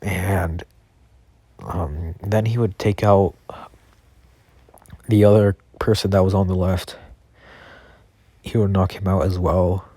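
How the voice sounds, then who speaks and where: A young man improvises a story in a casual, rambling way, leaning on "like" and restarting his sentences. His voice is low and husky, and he talks slowly. The recording is dry, with no room sound. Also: fairly even intonation, dark tone, no echo. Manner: rambling, full of "like" fillers and restarts.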